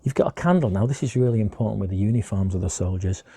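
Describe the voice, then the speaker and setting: A man's voice: lowish voice, fast talker, mellow, breathy edge. A man teaching a chatty history lesson to children, often asking them questions as he shows objects.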